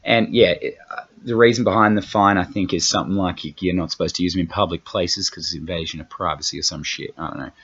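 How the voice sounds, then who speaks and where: Australian male comic host, low-pitched, loose profane patter, dull recording. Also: fairly even intonation, fast, a bit bright, slightly rough. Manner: rambling, profane, self-mocking. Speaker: comedian podcast host. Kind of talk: casual comedic chat. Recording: dull lo-fi podcast audio.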